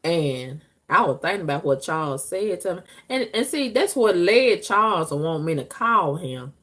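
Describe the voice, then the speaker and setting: A woman talking frankly to her viewers in a casual, profane monologue, breaking into loud squealing outbursts. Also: fairly low pitch, very animated, normal speed. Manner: frank, profane, conversational drawl.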